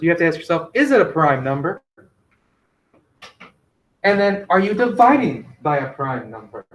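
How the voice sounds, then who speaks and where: A male teacher giving a classroom math lesson, gently directing students and quizzing them with questions. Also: a little high. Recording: echoey classroom.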